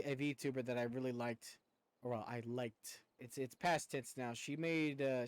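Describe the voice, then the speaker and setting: Male streamer from the United States, mid-pitched, rambling and casually profane, close dry sound. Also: no room sound. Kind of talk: casual live-stream chat.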